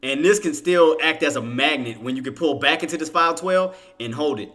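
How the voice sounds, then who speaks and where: A man with a fairly high, bright voice gives live day-trading commentary to his viewers. He teases and laughs loudly one moment, then mutters quietly to himself while he works his orders. His speech is loose and full of slang. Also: a little fast. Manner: animated, laughing, teasing, slangy; drops to low muttering while placing orders.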